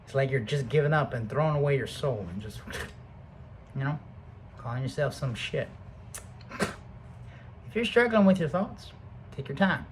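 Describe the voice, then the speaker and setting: Rambling, profane, slightly high-voiced man. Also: slight background noise, poor audio. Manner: heavily profane, rambling, motivational; swings between loud bursts and low mutters. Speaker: vlogger. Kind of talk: casual rambling monologue to camera.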